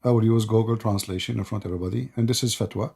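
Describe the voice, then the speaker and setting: A man's voice: on the low side, fairly even intonation, racing, vocal fry, a little mellow, husky. A man hosting a live debate stream who asks pointed questions and keeps repeating words to press his point. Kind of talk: argumentative debate talk.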